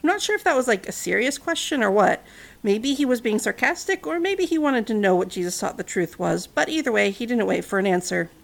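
A woman's voice: fairly high pitch, animated, a little fast, gravelly. A woman casually retelling a Bible story, mixing narration with chatty, wry asides and fillers.

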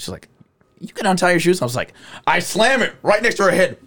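A man guesting on a podcast, telling stories in a casual chat, loud, laughing and swearing a lot as he acts out the voices of the people in them. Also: mid-range voice, sing-song, quick pace, slight background noise.

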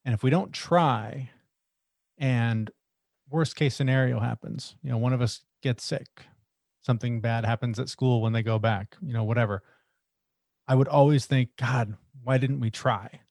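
A middle-aged man in casual podcast conversation, earnest and reflective, thinking aloud at a mid-range pitch. The sound is dry and close, with little room around it. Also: moderate pace, gravelly, long pauses, darkish tone, dry recording. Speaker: podcast co-host.

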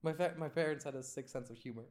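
Low-voiced teasing woman host. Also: fast, a little mellow. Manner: teasing, questioning, blunt. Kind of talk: casual chat.

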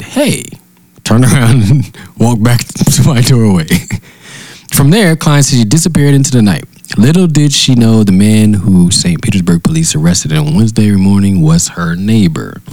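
A man's voice: on the low side, moderate pace, darkish tone, no echo, poor audio. A man co-hosting a casual chat, reading a news story aloud with joking asides. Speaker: podcast co-host.

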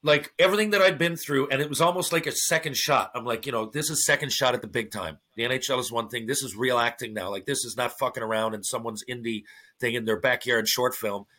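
Talking fast in a sharp, medium-pitched voice, a man who went from hockey player to actor swaps stories during a relaxed podcast interview. He performs other people's dialogue and doesn't hold back on profanity.

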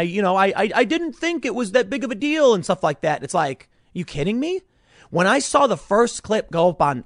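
A man's voice: high voice, dry recording, studio quality. A man delivering an indignant political commentary monologue, stumbling over repeated words as he reads out headlines.

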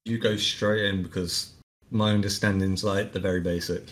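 A man's voice: low voice, flat delivery, normal speed, a bit bright. A young man co-hosting a casual podcast in an easygoing way, laughing often. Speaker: podcast co-host.

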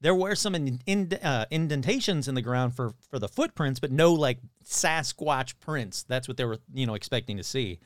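A man's voice: mid-range voice, moderate pace, few pauses, no echo, clean studio sound. A man casually retelling a story he heard, acting out the voices of the people in it with loose, swearing talk. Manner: animated retelling, acts out quoted voices.

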